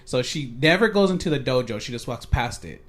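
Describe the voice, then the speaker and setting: A man's voice: mid-range voice, animated, fairly quick, a bit bright. A man co-hosting a podcast, telling a story in casual chat, with joking asides and casual slang. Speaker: podcast co-host.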